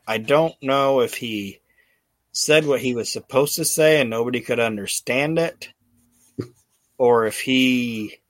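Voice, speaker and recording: A man's voice: mid-range voice, a bit bright. A man hosts a podcast in loose, rambling chat, stumbling through restarts as he recaps. His voice sits in a middle range. The sound is dry and close, with no room echo. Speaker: podcast host.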